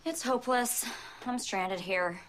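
A young actress playing a sharp, sardonic teenage girl who makes dry comebacks with little laughs. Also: on the high side, measured pace, a little hiss or hum, lightly acted. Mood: glum. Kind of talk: TV drama acting.

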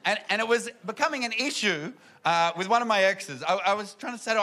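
A man's voice: sits high, expressive, quick pace, few pauses, pushed and bright. A man performing a rambling, self-deprecating stand-up comedy set on stage, with audience laughter around him. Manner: rambling, self-deprecating storytelling with many fillers.

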